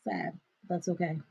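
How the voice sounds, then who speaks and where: Loud, emphatic woman on a phone mic. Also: lowish voice, gravelly, slightly rough. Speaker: livestream host. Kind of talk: casual livestream chat. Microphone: cell phone. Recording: dull cell-phone recording.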